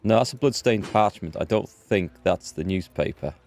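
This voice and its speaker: A man's voice: deep voice, animated, moderate pace, a little mellow. A man streaming a game live from indoors at home, chatting in an upbeat way and thinking aloud as he plays. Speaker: gaming streamer.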